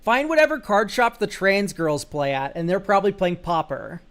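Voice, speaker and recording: In a casual live stream, a young man with a high, expressive, fairly bright voice reviews card game decks at a moderate pace. He jokes loosely, swears now and then, and throws out goofy exclamations.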